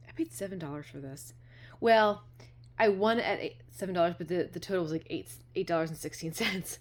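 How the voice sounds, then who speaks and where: Woman vlogger, low-ish voice, casual and rambling, soft near-whispered asides, phone held close. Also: a little hiss or hum. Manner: chatty and rambling, often trailing into soft half-whispers. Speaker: vintage-haul vlogger. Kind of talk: casual show-and-tell vlog. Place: at home.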